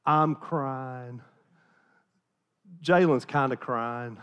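A man's voice: medium pitch, extremely slow, a bit bright, clear, resonant tone. A middle-aged man from the American South, a pastor telling a folksy, self-deprecating story in a sermon, chatty with many restarts.

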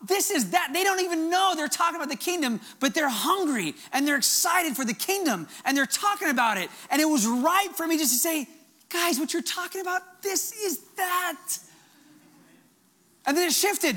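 A male pastor preaching a fervent, animated sermon. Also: extremely high pitch.

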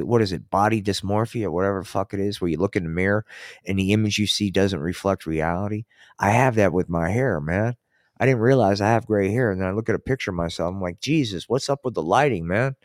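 A man's voice: sits low, no room sound, clean studio sound. An older man hosting a podcast, rambling through a casual, profane monologue full of restarts. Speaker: podcast host. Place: Colorado.

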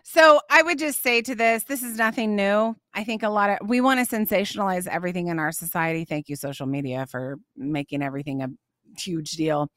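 A woman's voice: mid-range voice, a little fast, fairly bright tone, dry recording, studio quality. A middle-aged woman hosting a faith podcast, answering questions and reading scripture in an emphatic, passionate way. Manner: emphatic and passionate, getting on a soapbox. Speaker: podcast host.

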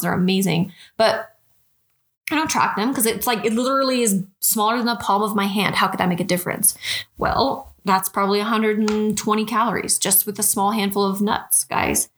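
A woman's voice: medium pitch, a bit bright. A woman nutrition coach talking straight to her podcast listeners, frank and chatty, often calling them "guys". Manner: direct, frank, keeps addressing listeners as "guys"; chatty, with quick restarts and rhetorical questions. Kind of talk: podcast monologue.

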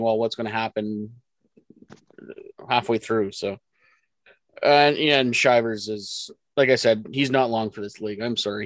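A man's voice: mid-range voice, no room sound. A man co-hosting a sports podcast, blunt and joking, acting out quotes as he talks. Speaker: podcast co-host. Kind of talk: casual sports chat.

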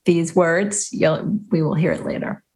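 A woman's voice: low voice, a little slow, a little mellow. A woman co-hosting a podcast, chatting casually in a good-humored way and laughing easily. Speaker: podcast co-host.

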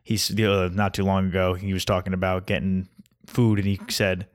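A man's voice: low-pitched, level tone, normal speed. A young man ranting in a casual comedic monologue, grumpy and mocking. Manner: grumpy, ranting, mocks mispronunciations.

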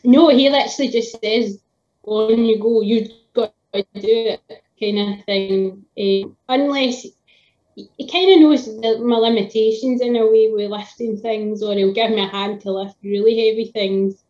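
A woman's voice: on the high side, steady tone, measured pace, a little mellow, lo-fi sound. A woman, a tradeswoman chatting casually on a video call, with lots of fillers and laughs. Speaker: tradeswoman guest.

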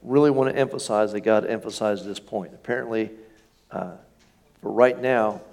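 A man preaching a sermon to his congregation in a relaxed, conversational way, often checking in with questions. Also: lowish voice, normal speed, vocal fry. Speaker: pastor. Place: church sanctuary.

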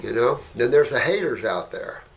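A man who runs an herbal clinic, talking casually and rambling through anecdotes, often tagging "you know" and "right?", and growing animated as he tells them. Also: normal speed, slight background noise. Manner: animated, jumps up in pitch when telling stories.

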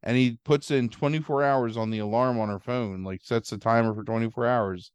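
Guy on a podcast rambling through a movie plot, middle pitch, dry close mic. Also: brisk, clean tone, no room sound. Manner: rambling, animated storytelling with silly put-on voices. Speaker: podcast host. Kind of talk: casual movie recap chat.

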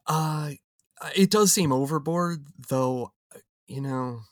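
A man's voice: on the high side, takes it slowly, no room sound, studio quality. A man co-hosting a podcast in casual chat, talking in an easygoing, agreeable way. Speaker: podcast co-host.

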